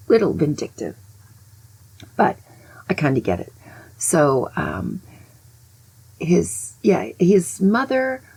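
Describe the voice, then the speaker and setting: Older woman with a husky, gravelly voice. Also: on the low side, darkish tone, rough recording. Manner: chatty, with restarts and asides. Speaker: host. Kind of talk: casual storytelling.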